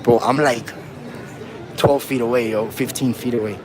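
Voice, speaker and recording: A first amendment auditor goads police in a slangy, provocative way while streaming live from a handheld phone outdoors in the city. His medium-pitched voice stays fairly even at a normal speed, and the background is noisy during this street confrontation.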